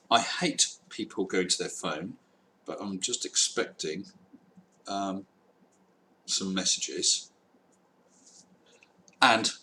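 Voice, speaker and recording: A man's voice: lowish voice, pushed and bright, a little hiss or hum. A man hosting a live stream, chatting casually and wryly reading out viewer comments. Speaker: livestream host.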